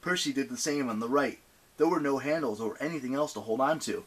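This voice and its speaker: Male audiobook narrator, husky, middle pitch, expressive read. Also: brisk. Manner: expressive reading.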